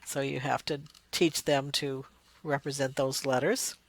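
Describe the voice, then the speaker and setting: A woman lecturer explaining spelling development, sounding out words slowly to demonstrate. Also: a bass voice, flat delivery. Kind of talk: recorded lecture.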